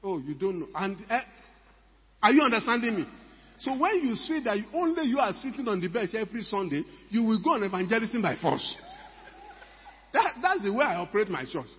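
An older man delivers an emphatic sermon in a large church hall. His voice is husky and sits a little high. The sound is dull and lo-fi, with a long echo trailing each phrase. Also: sing-song, fairly quick. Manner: emphatic, rhetorical questions to the congregation. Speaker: pastor.

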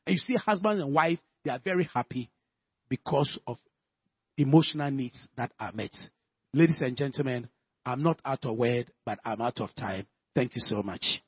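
A man's voice: medium pitch, animated, moderate pace, breathy edge, no room sound, lo-fi sound. A man preaching a sermon, calling for amens and telling stories to make his point. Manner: rhetorical, calls for amens, storytelling.

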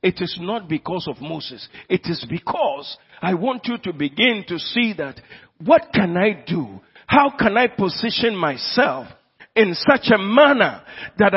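A man preaches a sermon in a Ghanaian English accent, emphatic and putting questions to his congregation. As a pastor, his voice is high-pitched with big pitch swings, a little slow and slightly rough, in a dull, lo-fi recording from a reverberant church hall.

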